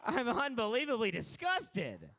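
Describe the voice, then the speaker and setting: A man's voice: very high-pitched, wildly swooping pitch, a little slow, vocal fry, sharp tone. A man hosting an open mic comedy night, brash and crude, teasing the crowd between acts. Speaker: comedy show host. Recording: live mic in a bar room.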